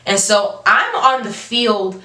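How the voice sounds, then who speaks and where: A young adult woman telling a storytime vlog, animated and emphatic, with casual slang. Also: mid-range voice, takes it slowly. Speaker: vlogger. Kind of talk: storytime monologue. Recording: roomy, from a distance.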